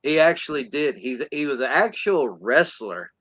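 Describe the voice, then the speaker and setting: A man's voice: on the high side, lively intonation, normal speed, fairly bright tone, no room sound, lo-fi sound. A man co-hosting a podcast, casually retelling a film's plot and acting out the characters in silly voices. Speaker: podcast co-host.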